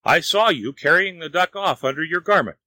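A teasing neighbor in a folk tale, quick to laugh and mock, as a male reader plays him. The voice sits a bit high and bright. Dry, close recording. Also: expressive, dry recording. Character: amused, mocking neighbor man.

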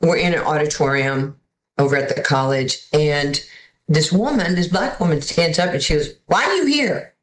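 A woman's voice: sits low, normal speed. Older new lady telling stories, acts out the voices, bit of room echo. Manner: animated, acts out voices in quotes. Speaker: guest. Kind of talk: casual storytelling. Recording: echoey room.

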